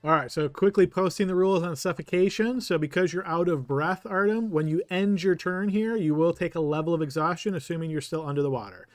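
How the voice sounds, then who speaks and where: A man's voice: on the high side, brisk, hardly any pauses, no room sound. A man running a tabletop game as game master, patiently explaining rules and thinking aloud.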